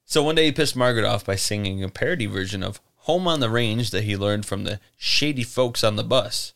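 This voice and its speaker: A man's voice: fairly low pitch, fairly quick, gravelly, fairly bright tone. A man co-hosting a podcast, telling a strange story in casual chat, joking and laughing often. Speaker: podcast co-host.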